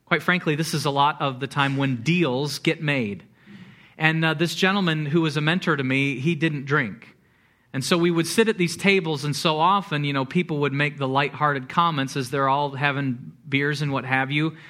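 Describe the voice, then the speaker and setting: A man preaching a sermon as pastor, animated, with repeated words and acted-out quotes. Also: fairly high pitch, normal speed.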